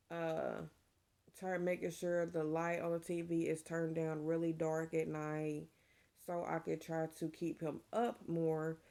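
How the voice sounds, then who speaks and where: A woman's voice: fairly low pitch, warm tone. A middle-aged woman, chatting casually and emotionally to her vlog audience. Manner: chatty and emotional, saying y'all. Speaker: vlogger. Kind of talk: casual chat to camera.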